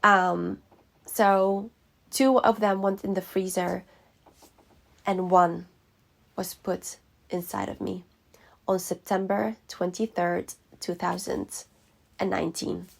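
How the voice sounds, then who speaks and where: A woman vlogger telling a personal story in an emotional, heartfelt way, with many pauses. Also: medium pitch, flat delivery, gravelly.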